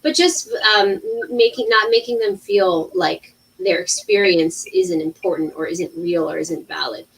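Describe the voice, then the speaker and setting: A woman in her thirties, an intuitive healer talking casually on a livestream, animated, with many restarts. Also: mid-range voice, a little slow, vocal fry, few pauses, recorded from a distance, rough recording. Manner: animated storytelling with acted-out quotes and many restarts.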